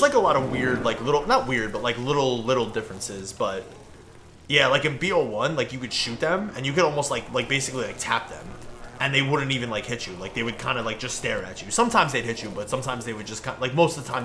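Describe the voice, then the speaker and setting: Young man, casual gaming chat, rambling, laid-back, bright voice, faint background noise. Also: mid-range voice, animated, fast talker. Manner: laid-back, rambling, heavy use of "like" and "bro". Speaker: gaming streamer. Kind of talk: casual gameplay commentary chatting with viewers.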